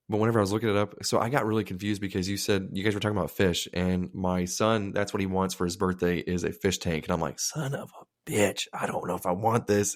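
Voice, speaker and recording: Low-voiced, laid-back man. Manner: laid-back, self-mocking storytelling. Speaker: podcast co-host. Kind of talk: casual chat.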